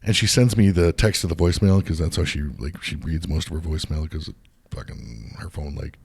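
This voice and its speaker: A podcast host with a rumbling low, husky, slightly mellow voice and some creak speaks fairly quickly. He tells a long story as a heated, profane rant, swearing constantly and rambling with frequent restarts.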